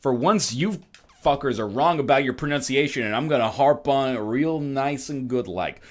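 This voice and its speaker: A man's voice: mid-range voice, lively intonation, normal speed. A man in his thirties rambles through a casual let's-play. His voice swoops up and down, and he keeps breaking into mocking put-on voices as he jokes along. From Canada. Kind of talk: casual gaming commentary.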